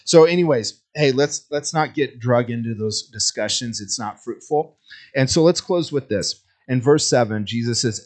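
A man preaching a sermon to his church in a relaxed, joking way. His voice sits mid-pitch, and he slips into playful little voices when he tells a story before turning earnest in prayer. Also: moderate pace. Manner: jokey storytelling, acts out voices. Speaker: pastor. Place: church sanctuary.

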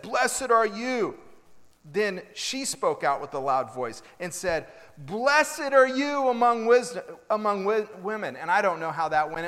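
A man's voice: high-pitched, fairly bright tone, long reverb tail. A man preaching a sermon in a folksy, conversational way, rising into sudden emphatic calls. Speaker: pastor.

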